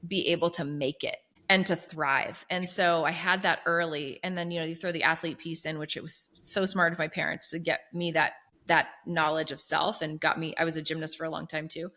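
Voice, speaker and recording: A woman in her thirties, a business coach, telling her story in an earnest, animated way with many fillers. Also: low-pitched, brisk. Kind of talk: conversational interview storytelling.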